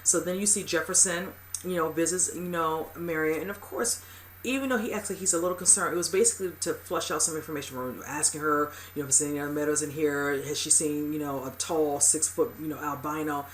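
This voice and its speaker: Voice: mid-range voice, steady tone, a little fast, fairly bright tone, slight background noise. A host recapping a TV episode in casual, rambling talk, full of "you know" and "whatever" fillers and emphatic exclamations. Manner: emphatic, exclaiming at upsetting scenes.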